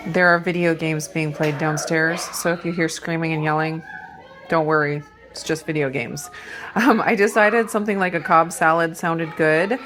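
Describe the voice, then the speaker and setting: Woman with a low, even voice, chatting in a vlog. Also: normal speed, slight background noise. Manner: coos in a high sing-song voice to the animals. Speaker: vlogger. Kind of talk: casual food and farm vlog narration. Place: small home farm and home kitchen.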